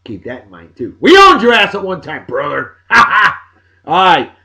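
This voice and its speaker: Man, 40s, somewhat high voice, jokey, loud bursts and mumbled asides, casual vlog shout-outs. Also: wildly swooping pitch, moderate pace. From Massachusetts, USA. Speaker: video blog host.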